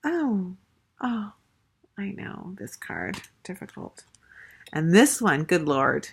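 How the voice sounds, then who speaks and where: A woman's voice: fairly low pitch, big pitch swings, slow, creaky, breathy edge. A woman casually reviewing a tarot deck, gushing and chatty, with lots of fillers and restarts. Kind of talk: casual show-and-tell review.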